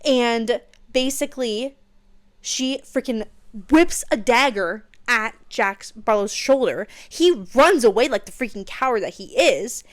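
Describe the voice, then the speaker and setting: A young woman hosting a podcast, gushing excitedly through a casual book recap and dropping into hushed whispers for emphasis. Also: on the high side, a little slow. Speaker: podcast host.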